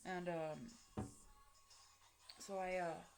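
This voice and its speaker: A woman's voice: on the low side, flat delivery, very slow, vocal fry, darkish tone, soft background music. A woman telling a personal story to camera, blunt and profane, in street slang with lots of fillers. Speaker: vlogger.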